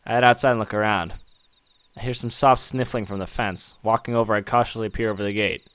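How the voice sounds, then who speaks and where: A man's voice: lowish voice, steady tone, fast, fairly bright tone, clear, resonant tone, no room sound. A man reading a visual novel aloud, narrating his actions and reacting dramatically. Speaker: gaming content creator.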